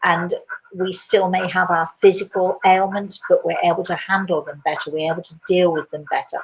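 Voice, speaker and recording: An older woman speaking as a spiritual medium, answering listener questions in a gentle, rambling chat full of fillers and restarts. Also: lowish voice, little pitch movement, moderate pace, low-quality recording. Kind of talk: casual live chat.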